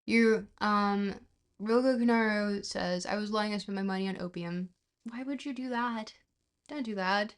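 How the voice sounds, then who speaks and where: Woman streamer just chatting, trails off a lot, laughs at herself, normal mid pitch. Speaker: livestreamer reading a book aloud. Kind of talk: casual livestream chat.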